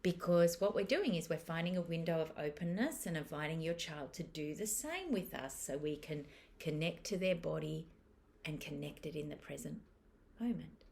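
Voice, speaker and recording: A middle-aged woman with a low voice that has a gravelly edge walks through a parenting technique step by step. She speaks calmly and gently, at a measured, patient pace, like a teacher explaining to camera. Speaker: parenting educator.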